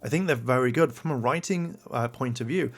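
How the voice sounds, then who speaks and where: A man hosting an opinion commentary, talking in a rambling, casual way full of fillers, his pitch climbing when he gets exasperated. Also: a little fast. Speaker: commentary channel host.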